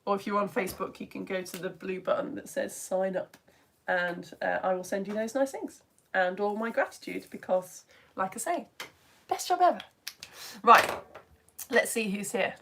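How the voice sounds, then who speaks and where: A British woman, a physics teacher, chatting brightly on a live-stream lesson and hopping between asides. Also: medium pitch, gravelly, slight background noise. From United Kingdom. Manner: bubbly, chatty, jumps between topics, quick asides. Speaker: physics teacher and livestream host.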